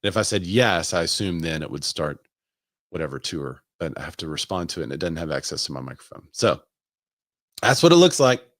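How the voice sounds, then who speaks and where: A man's voice: low voice, big pitch swings, brisk, no echo, studio quality. A man who works as a real estate agent, hosting a casual live stream and thinking aloud as he asks viewers for their opinions.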